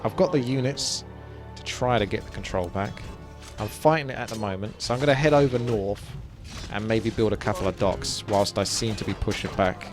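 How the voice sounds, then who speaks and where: Low-voiced man commenting gameplay. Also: moderate pace. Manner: chatty, explains strategy while playing. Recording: game music underneath.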